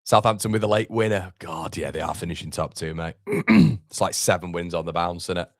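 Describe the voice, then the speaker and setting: Reacting to the match and reading viewer comments aloud, the fan channel host keeps the chat casual during his live football watchalong. He speaks briskly in a low, steady voice. The sound is dry and studio-clean.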